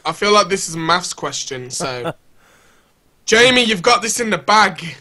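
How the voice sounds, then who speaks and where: Chatty giggly guy, high voice, really bright. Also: big pitch swings, unhurried. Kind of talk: casual game chat.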